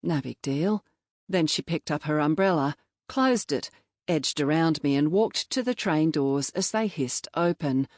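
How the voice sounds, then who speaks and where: Woman audiobook narrator, low voice, measured and reflective, dry close-miked studio sound. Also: lively intonation, a little mellow, no echo. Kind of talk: scripted first-person novel narration. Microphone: close studio mic.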